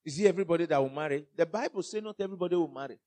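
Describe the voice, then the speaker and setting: A Nigerian-accented man preaching a fiery sermon, mixing in pidgin and swinging from loud outbursts to hushed warnings. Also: fairly high pitch, racing.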